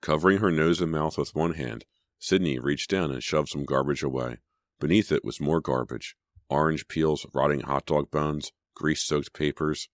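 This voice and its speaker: Very deep-voiced man narrating. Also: no room sound, studio quality. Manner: measured storytelling. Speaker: audiobook narrator. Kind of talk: scripted narration.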